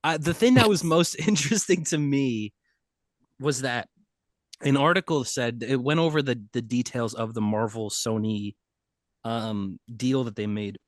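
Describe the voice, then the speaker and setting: A man's voice: medium pitch, a little slow, no echo, studio quality. A man co-hosting a comic book podcast, talking in a loose, rambling, jokey way and laughing often. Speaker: podcast co-host. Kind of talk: casual chat.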